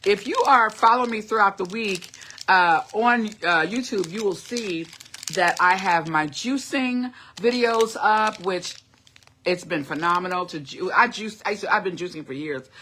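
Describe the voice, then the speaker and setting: Middle-aged woman just rambling to her viewers on a livestream, bright voice, lots of y'all. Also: medium pitch, measured pace, a little hiss or hum. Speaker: vlogger. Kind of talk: casual livestream chat.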